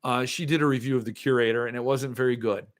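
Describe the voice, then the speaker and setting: A man's voice: mid-range voice, steady tone, fast talker. A man hosting a livestream, ranting sarcastically and answering viewer comments in casual chat. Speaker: podcast host.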